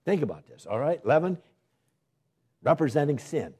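A man's voice: a little high, very animated, normal speed, dark tone, breathy edge. A man preaching a sermon, putting questions to the congregation, answering them himself and repeating his exhortations with urgency.

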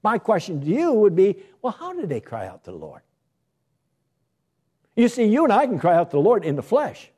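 A man's voice: high-pitched, huge pitch swings, normal speed, long pauses, dark tone, breathy edge. A male pastor preaching a sermon with emphatic delivery and many rhetorical questions.

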